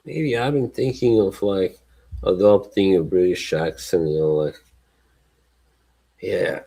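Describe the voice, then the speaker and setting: Slow, deep-voiced man chatting on a stream. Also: gravelly, dark tone, slightly rough, rough recording. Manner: rambling, laughs often between remarks. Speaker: livestream host. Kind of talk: casual chat.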